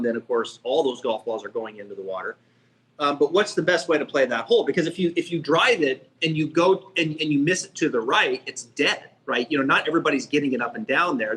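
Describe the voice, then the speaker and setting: A man hosting a podcast, chatting casually in rambling, quick asides and often checking with "right?". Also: mid-range voice, a bit bright. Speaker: podcast host. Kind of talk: casual chat.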